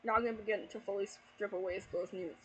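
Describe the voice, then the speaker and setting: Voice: mid-range voice, steady tone, fast talker, fairly bright tone, a little hiss or hum, poor audio. A YouTuber reading a fanfiction aloud at home at night, breaking off into exasperated, heavily sworn commentary and laughter. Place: at home at night with family asleep.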